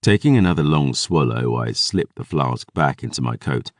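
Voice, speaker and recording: A man narrating a dark fantasy audiobook in the first person, wry and gritty. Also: rumbling low, expressive, moderate pace, no room sound, clean studio sound.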